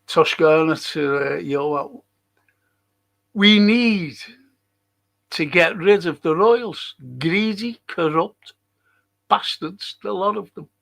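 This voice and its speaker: On his live podcast stream, an older man from England with a Liverpool accent reads viewer comments and spins blunt, sweary, rambling stories. He speaks slowly in a high, gravelly, fairly bright voice, pausing often.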